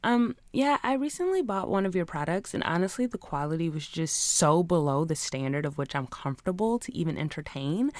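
A woman's voice: low voice, dry recording. A woman voicing a prim, entitled female customer who complains in an overly polite, formal way. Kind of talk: comic put-on voice in a story.

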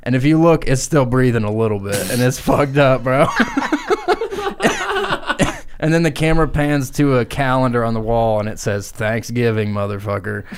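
A man's voice: medium pitch, normal speed. A man on a comedy podcast improvising a crude absurd story, laughing and throwing in silly noises. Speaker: podcast co-host.

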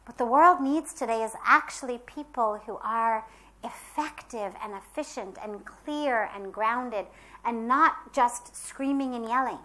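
Woman spiritual teacher, earnest and emphatic, slightly high voice, measured pauses. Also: a bit bright. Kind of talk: spiritual talk.

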